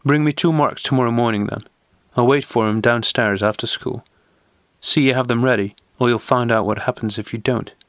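A man's voice: mid-range voice, fairly even intonation, normal speed, fairly bright tone, no room sound, studio quality, natural voice. A man voicing a scornful, threatening teenage bully who gives orders, in an audiobook reading. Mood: menacing. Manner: scornful, commanding, menacing.

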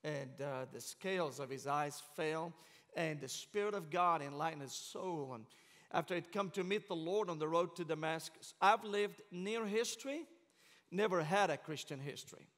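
A man's voice: a little high, normal speed, a bit bright. A middle-aged man with a Syrian accent, preaching a sermon with passion and humor in a large church sanctuary. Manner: passionate, joking storyteller. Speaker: guest preacher. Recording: long church reverb.

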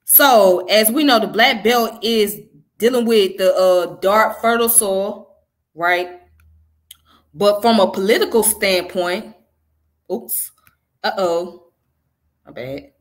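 A woman with a Southern US accent who talks fast and casually, teaching history on a live stream and chatting to her viewers. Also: mid-range voice. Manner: fast-talking, conversational, says "you know what I'm saying". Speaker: livestream host teaching history.

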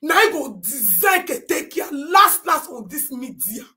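Shouting Nigerian woman ranting on a live stream. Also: sits high, measured pace. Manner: animated and indignant, often shouting and reading comments aloud. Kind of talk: Nigerian Pidgin social media rant.

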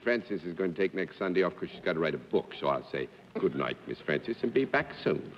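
A man hosting a TV panel game, moderating with genial brisk remarks. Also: deep voice, big pitch swings, a little hiss or hum. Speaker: game show host. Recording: dull 1950s TV studio sound with hall echo.

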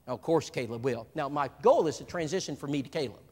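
A man's voice: on the high side, quick pace. A man preaching at a church seminar, telling stories and acting out the people in them. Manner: animated storyteller, voices other people in his stories. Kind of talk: seminar talk with acted-out anecdotes. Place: church hall. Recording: live stream with a long hall reverb.

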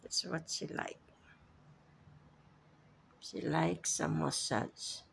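Slow, gravelly woman coaxing her pet. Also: deep voice, steady tone. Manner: coaxing, baby-talk to a pet. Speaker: vlogger. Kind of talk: casual vlog talking to a pet bird. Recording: noisy home recording.

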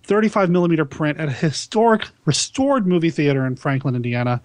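A man's voice: a little high, animated, fast talker, no room sound. A man hosting a podcast, chatting casually and enthusiastically, often laughing. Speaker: podcast host. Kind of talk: casual chat.

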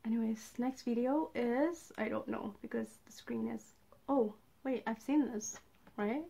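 A young woman reacting to fan videos at home, excitable and gushing, swearing and squealing at the screen. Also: on the high side, unhurried, creaky, slight background noise, rough recording. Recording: fan video music playing loudly behind. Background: music playing from the video.

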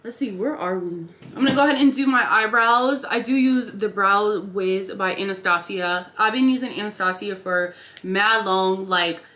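A woman's voice: mid-range voice, normal speed, few pauses, sharp tone, roomy sound. A woman in her twenties chatting casually while she does her makeup for a lifestyle vlog. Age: 20s. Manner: chatty, upbeat, slangy. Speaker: lifestyle vlogger. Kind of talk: casual get-ready-with-me narration. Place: bedroom at a vanity.

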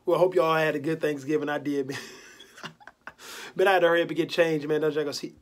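Young guy doing a fake postgame presser, talks quick, kinda high voice, cocky trash talk. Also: fairly even intonation. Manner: boastful trash talk, laid-back slang. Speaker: vlogger. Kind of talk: mock post-game press conference.

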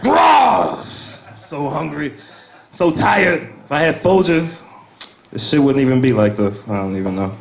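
A man's voice: on the high side, big pitch swings, a little slow, gravelly. A young American man doing a laid-back, rambling stand-up set at an open mic, often laughing at his own jokes. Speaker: stand-up comedian. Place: small cafe comedy night. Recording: echoey room.

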